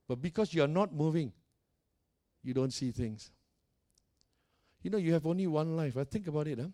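A man's voice: fairly high pitch, normal speed, warm tone. A male pastor preaching a sermon, emphatic and repetitive, putting direct questions to his congregation.

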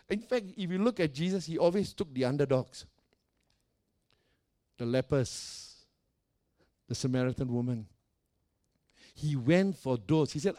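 A man's voice: medium pitch, dark tone. A male pastor preaching a sermon, emphatic and repetitive, putting direct questions to his congregation.

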